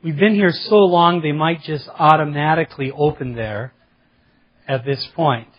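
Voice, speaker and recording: Preacher with a slightly muffled sound. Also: male voice, a little high, measured pace, slightly rough. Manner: preaching with emphatic repetition, retelling a story. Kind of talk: sermon. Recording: slightly dull lo-fi sermon recording.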